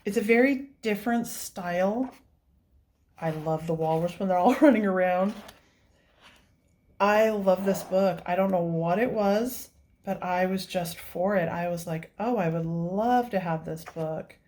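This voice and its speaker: A woman's voice: fairly low pitch, a little slow, darkish tone, a little hiss or hum. Chatty gushing woman showing books. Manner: chatty, gushing, laughs often. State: tearful, near crying. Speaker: coloring book channel host. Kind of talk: casual show-and-tell vlog.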